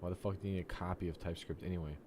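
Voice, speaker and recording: A man's voice: deep voice, fairly even intonation, very fast, noisy background. A young man, a programmer, ranting profanely and with exasperation at his computer during a solo recording. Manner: exasperated and profane, talks to the software. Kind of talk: frustrated solo screen-recording rant.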